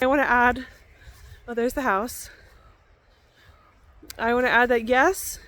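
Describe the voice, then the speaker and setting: A woman's voice: fairly high pitch, normal speed, long pauses, fairly bright tone. A woman vlogger chatting casually and unscripted to camera outdoors in a forest, rambling and correcting herself as she goes.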